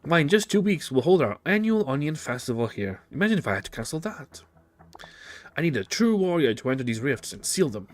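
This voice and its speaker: A man voicing a flattering, evasive woman mayor in a video game with a put-on foreign accent. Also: fairly high pitch, a little fast, voice pushed up. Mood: smooth. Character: scheming, smooth-talking woman mayor.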